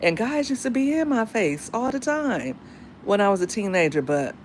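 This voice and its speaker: A woman's voice: mid-range voice, very animated, normal speed, a little hiss or hum. A middle-aged woman and single mother talking candidly and emphatically about dating and raising daughters, in a casual monologue.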